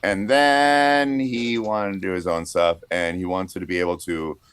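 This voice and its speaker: A man co-hosting a podcast, recounting researched history with many pauses and dry quips. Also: sits low, fairly even intonation, fairly bright tone, smooth, no echo. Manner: halting, full of uh fillers, dry quips. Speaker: podcast co-host. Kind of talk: casual storytelling with research notes.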